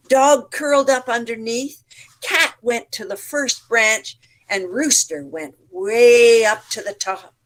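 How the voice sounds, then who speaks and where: A woman storyteller telling a folk tale to teachers in an online session, with lively animal sounds. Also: fairly high pitch. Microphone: online session mic.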